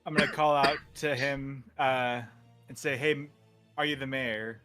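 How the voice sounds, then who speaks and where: A man's voice: mid-range voice, fairly even intonation, measured pace, over music. A man playing a tabletop game over a video call, stating his actions briefly and plainly. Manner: brief, matter-of-fact declarations of action. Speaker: player.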